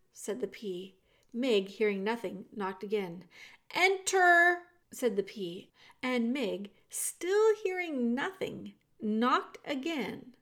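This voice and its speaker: A woman reading a children's novel aloud in a calm, storytelling manner. Her voice sits fairly high, and she takes her time over every phrase. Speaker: narrator.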